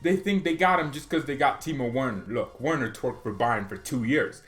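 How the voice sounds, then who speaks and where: A man's voice: mid-range voice, moderate pace, fairly bright tone. A man hosting a football fan channel, talking in a casual, joking vlog style and mocking rival clubs.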